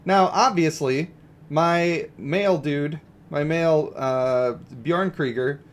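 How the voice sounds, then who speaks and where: A man giving casual, joking livestream commentary on a mobile game and greeting viewers. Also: on the high side. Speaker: gaming streamer.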